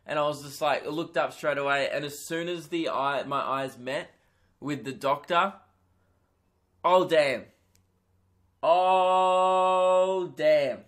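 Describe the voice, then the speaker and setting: A young man hosting a comedy podcast, telling a crude, self-mocking story in an animated stand-up style. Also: medium pitch, normal speed.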